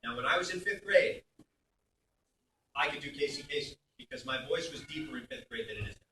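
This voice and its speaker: Chatty Brooklyn-born voice actor. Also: male voice, fairly high pitch, a little fast, far from the mic, slight background noise. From Brooklyn, New York. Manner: chatty and animated, jumps into character voices. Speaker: voice actor guest on a convention panel. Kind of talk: convention panel Q&A. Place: convention hall panel. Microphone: phone in the audience. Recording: echoey hall, phone mic from afar.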